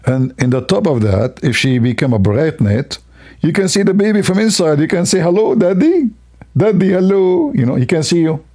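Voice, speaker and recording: A man with a rather high, brisk and slightly mellow voice hosts a livestream. His commentary is mocking, sarcastic and rambling, laced with fake admiration.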